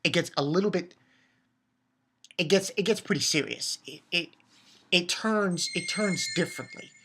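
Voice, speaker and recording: A woman giving a casual, excitable recap of an anime episode, laughing and swearing, with many restarts. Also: fairly low pitch, moderate pace, noisy background. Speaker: anime reviewer.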